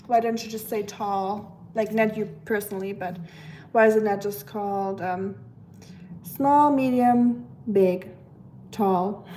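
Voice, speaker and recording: A woman's voice: medium pitch, a little mellow, slight background noise. A woman from Germany with a German accent, chatting casually with live-stream viewers in her home kitchen while she cooks. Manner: chatty and rambling, talks to viewers in the chat.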